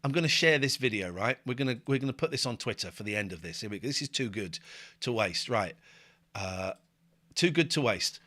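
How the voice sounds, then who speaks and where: A man's voice: mid-range voice, fast. A man hosting a casual livestream from his sofa, joking, swearing and hyping up his viewers. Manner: excitable, jokey and sweary. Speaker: livestream host. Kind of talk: casual live commentary. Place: home living room.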